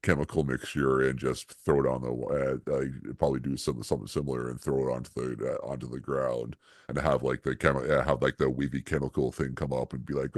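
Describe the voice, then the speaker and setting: Super deep-voiced guy rambling on a podcast, lots of uhs, dry close sound. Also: flat delivery, fast, no echo. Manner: rambling, lots of fillers, laughs often. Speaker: podcast co-host. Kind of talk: casual chat about a cartoon episode.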